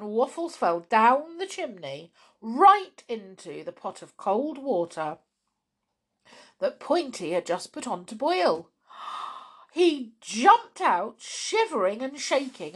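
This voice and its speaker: A woman hosting a children's story podcast, reading storybooks aloud in an expressive, chatty way with soft asides. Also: on the high side, takes it slowly, breathy edge.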